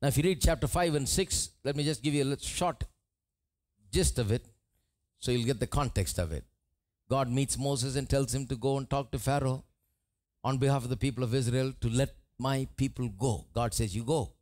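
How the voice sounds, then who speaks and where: A man's voice: medium pitch, normal speed. A pastor from India preaching a live church sermon, acting out the Bible figures' lines as he tells the story. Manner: animated preaching, acts out dialogue of Bible figures. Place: church service, live recording.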